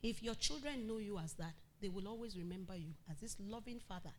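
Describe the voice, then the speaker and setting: A woman pastor preaching a sermon to a congregation, animated, acting out quotes and calling out loudly. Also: mid-range voice, brisk, few pauses, slight background noise.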